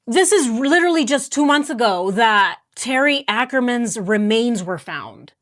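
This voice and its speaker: A woman hosting a true crime reaction show, talking through a clip and reading out search results with incredulous questions. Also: sits high.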